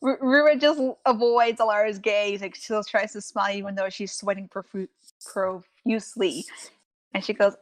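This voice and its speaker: A woman's voice: medium pitch, fairly even intonation, moderate pace, no echo. A woman playing a tabletop game, playfully describing what her character does. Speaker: player. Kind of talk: casual tabletop role-play narration.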